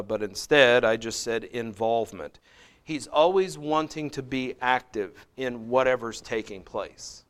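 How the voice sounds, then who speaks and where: A man's voice: medium pitch, smooth. Middle-aged male Bible teacher, casual and conversational, with emphatic scripture readings. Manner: relaxed and conversational, with frequent restarts and asides; reads scripture aloud in a rising, emphatic voice.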